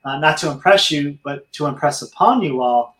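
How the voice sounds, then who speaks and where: In an echoey room, an interview guest shares his personal story openly and earnestly, addressing the audience like friends in a casual conversation. He speaks at a moderate pace in an expressive voice that is on the high side and fairly bright.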